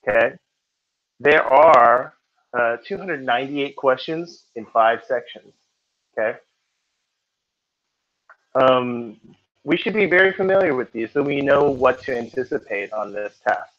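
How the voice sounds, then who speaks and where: A man's voice: medium pitch, unhurried, long pauses. Joking male tutor in a dull recording. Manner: chatty, joking with students. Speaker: test-prep tutor. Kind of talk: classroom teaching. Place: classroom.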